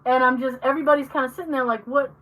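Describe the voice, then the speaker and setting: A woman co-hosting a podcast in casual chat, telling animated stories, acting out the people she quotes and swearing freely. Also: high voice, rapid-fire, far from the mic, poor audio. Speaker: podcast co-host.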